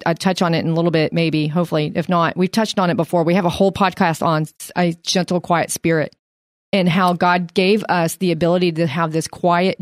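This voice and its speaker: A woman's voice: on the low side, no room sound, clean studio sound. A woman co-hosting a faith podcast, earnest and storytelling. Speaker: podcast host. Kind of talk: casual Bible discussion.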